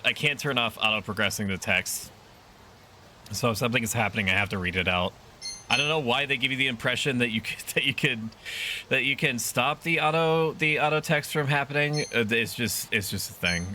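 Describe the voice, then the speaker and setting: A man's voice: mid-range voice, a little fast, pushed and bright, slight background noise. A man streaming a video game with casual commentary, chatty and crude.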